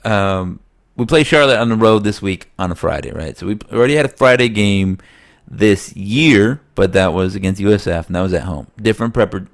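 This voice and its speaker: A man co-hosting a sports podcast in casual chat, slightly nasal, rambling and animated, laughing often. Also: fairly low pitch. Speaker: podcast co-host.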